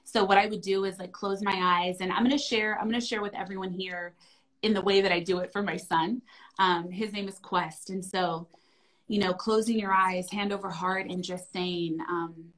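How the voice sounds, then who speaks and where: Gentle, affirming woman speaking softly. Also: mid-range voice, steady tone, moderate pace, low-quality recording. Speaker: wellness guest. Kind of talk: heartfelt conversation.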